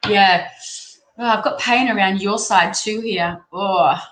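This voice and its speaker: A woman's voice: medium pitch, slow, fairly bright tone. A young Australian woman giving a live-streamed tarot reading, chatty and rambling as she thinks aloud. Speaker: tarot reader. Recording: roomy echo, faint background noise.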